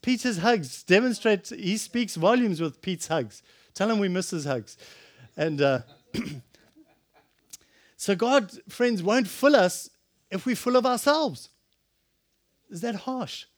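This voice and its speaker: Man, preacher, sermon, slightly high voice, impassioned, loud-then-hushed delivery. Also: sing-song, takes it slowly, long pauses. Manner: impassioned, swings between loud exclamations and hushed earnest tones.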